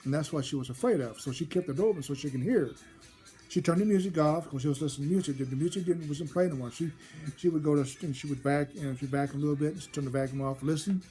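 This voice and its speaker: A man's voice: a little high, racing, dark tone, soft background music. A man telling a personal story from his childhood, rambling and often repeating and restarting his phrases. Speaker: storyteller host.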